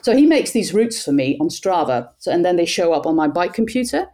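A woman with a Dutch accent, a cycling commentator, talking in an animated, self-deprecating way with frequent restarts. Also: lowish voice, a little fast. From Netherlands. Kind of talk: conversational interview.

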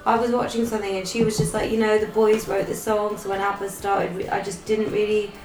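A woman co-hosting a casual podcast, animated and full of questions. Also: medium pitch, brisk. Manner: animated, asks lots of questions. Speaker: podcast co-host. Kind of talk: casual chat. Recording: echoey room with faint music.

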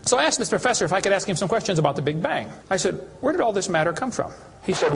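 A man's voice: sits high, big pitch swings, very fast, gravelly, a little hiss or hum. A man giving a preaching lecture to an audience, telling folksy, mocking stories with acted dialogue. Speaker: creation science speaker.

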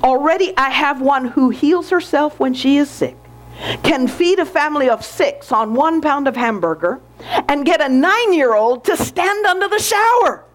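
A woman's voice: sits high, expressive, normal speed, pitched above the performer's own voice. A woman reading as God the proud creator. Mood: eager.

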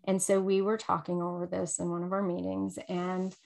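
A middle-aged woman, a podcast guest, talking casually and telling stories with lively, acted-out quotes. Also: fairly low pitch, moderate pace, gravelly. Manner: animated storyteller who acts out quoted voices. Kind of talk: casual interview conversation.

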